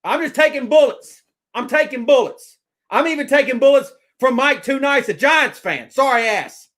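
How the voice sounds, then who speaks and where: Excitable male fan vlogger, very high voice, rambling rants full of restarts. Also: moderate pace. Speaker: sports vlogger. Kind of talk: casual fan rant to camera.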